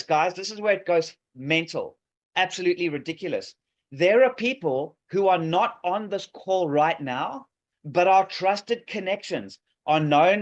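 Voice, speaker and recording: Upbeat man pitching on a call. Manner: enthusiastic, pitchy, many fillers. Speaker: presenter demoing an app. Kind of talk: live demo on a video call. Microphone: video call microphone. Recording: dull lo-fi call audio.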